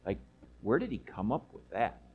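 A man playing an apostle who retells a miracle he witnessed in a first-person dramatic monologue, lively and chatty with asides to his listeners. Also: fairly low pitch, moderate pace, slightly rough, poor audio. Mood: storytelling.

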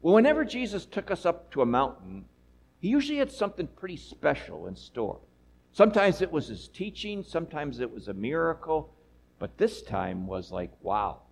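An awed apostle retells, in first person, a miracle he saw with his own eyes, as a man acts him out. The voice sits a little high for a man and swings widely in pitch. He talks to his listeners in a lively, chatty way and turns to them with asides. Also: normal speed, vocal fry, slight background noise, low-quality recording. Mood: storytelling. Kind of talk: first-person dramatic monologue.

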